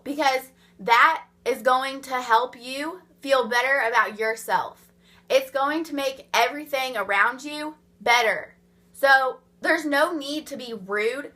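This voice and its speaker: A woman's voice: high-pitched, sharp tone. A young woman in her twenties vlogging, ranting in an exasperated, blunt way and swearing freely. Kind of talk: ranting vlog monologue.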